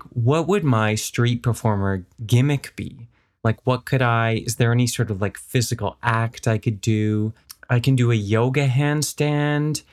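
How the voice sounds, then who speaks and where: A man hosting a podcast, delivering a comedic solo monologue full of rambling, self-mocking asides, with lively swings in pitch and pace. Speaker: podcast host.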